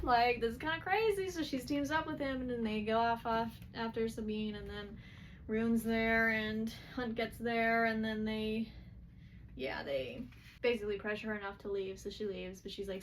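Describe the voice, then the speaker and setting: A woman's voice: on the high side, a little hiss or hum. Chatty woman recapping a book. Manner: chatty, quick quoted asides, filler-heavy.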